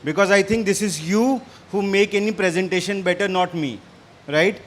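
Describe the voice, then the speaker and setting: A man with an Indian English accent, slightly hoarse, giving an energetic interactive business talk on stage. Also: high voice, normal speed. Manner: energetic, quizzes and challenges the audience. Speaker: business speaker. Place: stage in front of a live audience.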